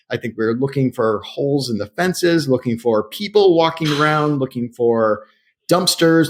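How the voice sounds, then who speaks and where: A man co-hosting a podcast, relaxed and conversational, steering the talk with questions. His voice is mid-pitched and even. He recounts a job in a plain, easy way. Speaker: podcast co-host. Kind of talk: casual conversational chat.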